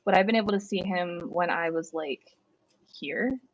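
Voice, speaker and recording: A woman's voice: fairly low pitch, moderate pace, highs cut off. Woman thinking aloud over a game map. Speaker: player. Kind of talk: tabletop game talk.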